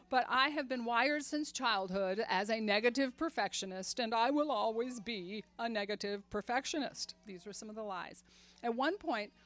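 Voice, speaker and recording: A woman in her sixties giving an earnest faith talk to a group, laughing often and growing animated when she retells stories. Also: on the high side. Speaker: women's ministry speaker.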